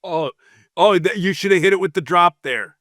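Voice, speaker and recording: A man's voice: high voice, normal speed, fairly bright tone, no echo, studio quality. A man co-hosting a podcast in easygoing banter, often repeating words as he searches for them. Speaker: podcast co-host. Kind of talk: casual banter.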